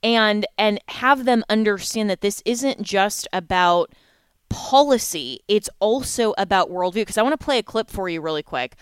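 A woman's voice: medium pitch, lively intonation, moderate pace, clear, resonant tone, no echo, studio quality. A woman hosting a talk show, earnest and pointed as she questions her guest.

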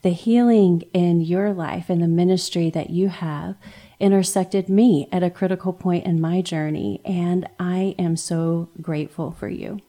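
Woman host, thirties, earnest and emotional storyteller, low mellow tone. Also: steady tone, unhurried. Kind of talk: heartfelt faith conversation.

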